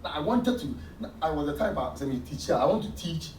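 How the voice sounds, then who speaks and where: A man with a Ghanaian accent preaching a sermon as pastor, with sudden loud emphasis. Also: a little high, animated, a little fast, slight background noise. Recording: echoey church hall from far off.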